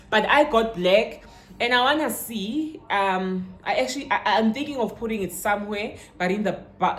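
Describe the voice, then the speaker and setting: Chatty South African woman vlogger. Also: mid-range voice. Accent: South African, Zulu-inflected English. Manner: chatty, mixes in Zulu words, bursts up in excitement. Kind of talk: casual haul unboxing chat. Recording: roomy echo with faint ambience.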